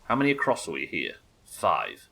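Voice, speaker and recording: A man's voice: deep voice, huge pitch swings, moderate pace, vocal fry, pushed and bright, husky. A British man giving casual, chatty, sweary commentary while he plays and builds in a game. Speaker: game streamer. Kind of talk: casual let's-play commentary.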